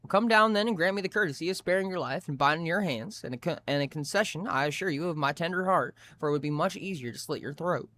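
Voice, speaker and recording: A man voicing a cocky young male highwayman in a story he reads aloud, speaking loudly and theatrically. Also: fast, few pauses. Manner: loud, raised, theatrical delivery.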